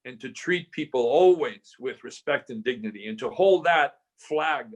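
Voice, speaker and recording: Animated older man telling a story. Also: medium pitch, normal speed, muffled recording. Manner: animated storyteller, acts out dialogue. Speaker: real estate investor guest. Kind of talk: casual storytelling interview.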